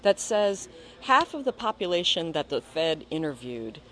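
A woman's voice: low voice, very animated, moderate pace, a bit bright. A woman being interviewed, talking earnestly and stressing her points by repeating them. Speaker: interview guest, foundation leader. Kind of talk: conversational interview.

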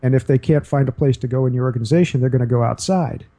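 A man's voice: mid-range voice, fast, mellow. A man speaking as a guest on a talk show, explaining his ideas in an earnest, conversational way with frequent restarts. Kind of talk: casual interview talk.

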